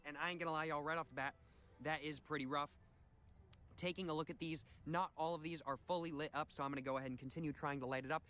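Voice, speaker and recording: A man narrating his own video in a mock-earnest, deadpan way, repeating his catchphrases. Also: on the high side, quick pace. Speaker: video creator.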